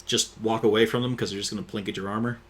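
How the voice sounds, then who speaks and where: A man's voice: lowish voice, steady tone, racing, husky. A man narrating and refereeing a tabletop game in a casual, joking way. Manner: casual, swearing, laughing between calls. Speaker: dungeon master.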